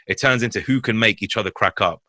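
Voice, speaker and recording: A man in his thirties from West London with a London accent, a podcast guest telling animated, slangy stories and swearing freely. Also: on the low side, quick pace, dry recording. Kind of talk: casual podcast chat.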